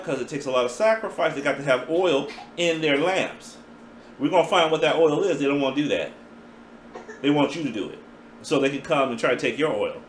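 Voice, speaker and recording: A man preaching a sermon in a playful, animated way, acting out voices as he teaches. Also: on the high side, echoey room, a little hiss or hum.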